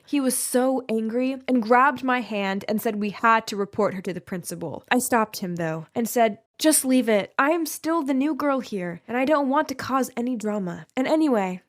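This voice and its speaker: Young woman narrating a first-person story. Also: on the high side. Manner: reads quoted classmates, teacher and friend in her own voice with small shifts.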